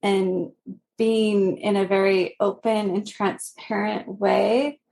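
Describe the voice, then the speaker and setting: A woman in her thirties telling a personal story as a podcast guest, earnest and gently laughing between phrases. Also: mid-range voice, level tone, slow pace, gravelly.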